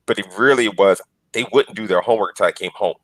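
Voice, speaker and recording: A man's voice: fairly low pitch, fast, dry recording, low-quality recording. A man in his forties on a podcast panel, telling earnest stories and acting out the lines he quotes. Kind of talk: casual panel discussion.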